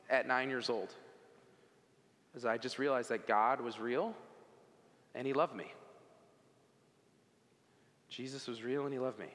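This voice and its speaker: A man's voice: medium pitch, fairly bright tone, long reverb tail. A man giving a personal faith testimony to an audience, telling it in an earnest, conversational way with casual asides.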